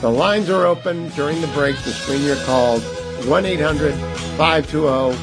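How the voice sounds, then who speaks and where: A man's voice: a little high, unhurried, over music, poor audio. A man hosting a talk radio show, speaking emphatically and pressing listeners to give. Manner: emphatic, pleading and scolding listeners.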